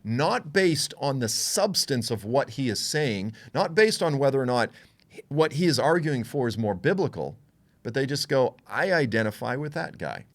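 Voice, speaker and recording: A man giving a conversational Bible teaching, frank and animated, acting out what others would say. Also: mid-range voice, normal speed. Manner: animated, frank, with asides and quoted voices.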